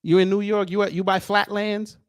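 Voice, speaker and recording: A man's voice: high-pitched, little pitch movement, fairly quick, clear, resonant tone, dry recording, studio quality. A man delivering a heated, combative commentary rant, sarcastic and taunting. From United States. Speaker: commentary host.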